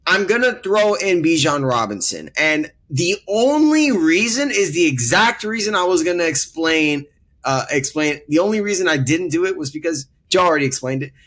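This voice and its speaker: A man's voice: on the high side, expressive, moderate pace, fairly bright tone. A man co-hosting a casual sports debate podcast, earnestly laying out his rankings with emphatic repetition. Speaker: podcast co-host.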